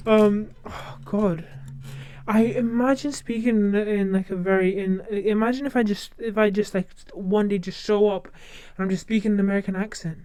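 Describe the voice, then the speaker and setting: Smooth-voiced chatty streamer. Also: medium pitch, normal speed, darkish tone, no room sound. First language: not English. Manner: rambling, chatty, repeats words and restarts. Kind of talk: casual chat.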